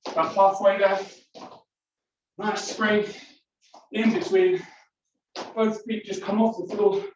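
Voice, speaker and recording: A woman's voice: medium pitch, steady tone, slow. Breathless woman leading a workout, echoey room. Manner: counts down and calls out moves while exercising along. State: breathing hard between exercises. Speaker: fitness instructor. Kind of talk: leading a home workout class. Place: indoors. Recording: very echoey room, distant mic, dull sound, faint noise.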